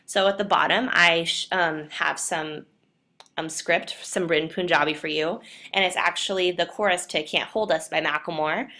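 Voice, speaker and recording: A young woman with a lowish voice gives an earnest class presentation. She explains each point carefully and keeps leaning on the word "definitely". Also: steady tone, normal speed, sharp tone. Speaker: student presenter.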